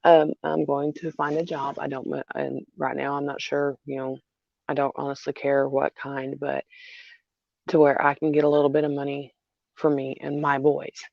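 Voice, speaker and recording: Woman, gravelly voice, halting speech with fillers, dull dry lo-fi recording. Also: extremely low pitch, little pitch movement, no echo. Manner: halting, repeats herself, many fillers. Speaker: mother vlogger. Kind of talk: emotional personal vlog.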